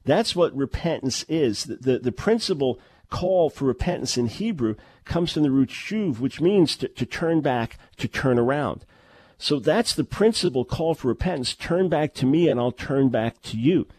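A middle-aged man delivers a teaching sermon, pressing his point with repeated rhetorical questions and quick restarts. His voice sits at an ordinary male pitch. The sound is dry and close, with no room echo. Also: expressive, darkish tone, slightly rough. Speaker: preacher.

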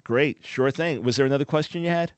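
A man's voice: medium pitch, brisk, no echo. A man hosting a call-in radio show, explaining things in an earnest, emphatic way.

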